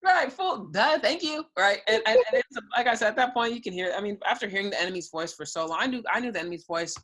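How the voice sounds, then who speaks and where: A woman's voice: mid-range voice, animated, fast talker, fairly bright tone. A young adult woman giving an earnest personal testimony as a guest, retelling her own prayers and thoughts.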